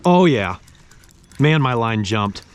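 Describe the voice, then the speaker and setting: A young man narrating his fishing trip outdoors on a river, tired from paddling, bursting into excited exclamations and talking to the fish. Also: medium pitch, takes it slowly, slight background noise. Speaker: fishing vlogger. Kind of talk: casual narration while fishing. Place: outdoors on a river, in a kayak and wading.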